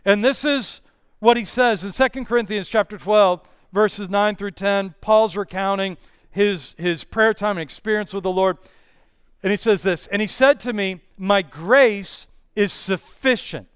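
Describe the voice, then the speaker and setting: A male pastor preaching an earnest, measured sermon with Bible readings. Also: sits high, smooth, no room sound, clean studio sound.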